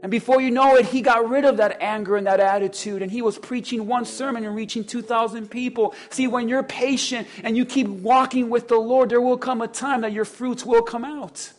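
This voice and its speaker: A man preaching a sermon as pastor, animated and climbing to loud exclamations in acted asides. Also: very high voice, fairly quick, hardly any pauses.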